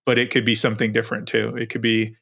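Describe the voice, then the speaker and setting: A man's voice: mid-range voice, monotone, fast, vocal fry, fairly bright tone. A middle-aged man co-hosting a podcast, talking casually and rambling with many restarts. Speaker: podcast co-host.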